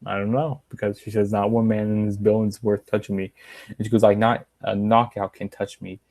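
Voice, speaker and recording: Young guy recapping wrestling, lotta ums, kinda flat monotone. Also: lowish voice, brisk, no room sound. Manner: rambling, many um fillers, reads quotes in a slightly raised voice. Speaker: wrestling show reviewer. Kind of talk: casual recap of a wrestling show.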